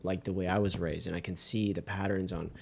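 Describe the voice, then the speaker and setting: A man's voice: low-pitched, flat delivery, brisk, creaky, slightly rough. A young adult man hosting an interview podcast, chatting casually and rambling with many fillers and restarts. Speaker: podcast host.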